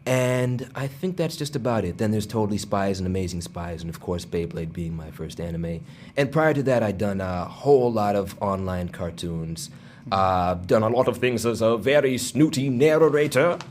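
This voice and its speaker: Low-voiced man who does cartoon voices. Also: expressive, moderate pace, darkish tone, a little hiss or hum. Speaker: voice actor guest. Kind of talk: casual interview. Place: at a fan convention.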